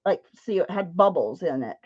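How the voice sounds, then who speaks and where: A woman's voice: on the low side, lively intonation, normal speed. A woman chatting casually to viewers while demonstrating paint pouring live, laughing often as she works. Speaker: paint pouring livestream host. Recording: dull lo-fi stream audio.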